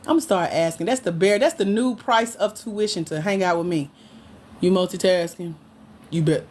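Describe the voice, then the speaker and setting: A woman's voice: on the low side, moderate pace, a little mellow, a little hiss or hum. A woman coaching on grants, chatting casually on a livestream and teasing her viewers as she answers their comments. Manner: playful, teasing, talks back to chat comments.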